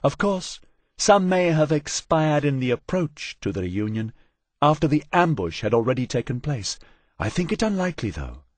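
A man's voice: a little high, sing-song, normal speed, dry recording, voice pushed up. A man voicing a graceful, lustrous female robot. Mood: courteous. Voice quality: lustrous, melodic. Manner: formal, courteous.

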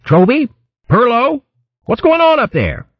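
A man doing a brisk boxing hare leader. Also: fairly high pitch, wildly swooping pitch, breathy edge, no echo, pitched above the performer's own voice, full character voice. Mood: commanding. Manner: calling out commands. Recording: dull lo-fi recording.

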